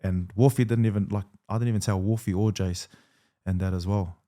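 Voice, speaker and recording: A man in his thirties, a rugby league player, telling his story in a relaxed interview, full of fillers and quoted dialogue. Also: on the low side, brisk.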